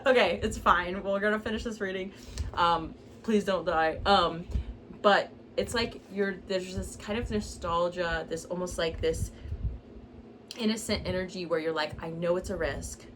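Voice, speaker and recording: A woman's voice: fairly low pitch, unhurried, fairly bright tone, low-quality recording. Chatty woman giving a casual tarot reading. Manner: chatty and loose, with frequent "like" and "okay?", swearing and laughing. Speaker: tarot reader. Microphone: phone. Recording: phone recording with clear background noise.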